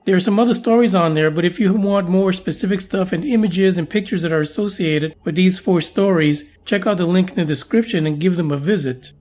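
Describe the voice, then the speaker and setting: A man's voice: sits high, brisk, hardly any pauses, darkish tone, soft background music. A man hosting a podcast in a casual, jokey, chatty way with playful asides. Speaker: podcast host.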